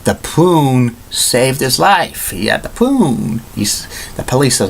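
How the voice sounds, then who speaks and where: A man's voice: medium pitch, very animated, slow, gravelly, slight background noise. A man talking casually in a video blog, recapping a movie in a rambling way with frequent restarts. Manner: rambling, with many restarts and fillers. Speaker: video blogger.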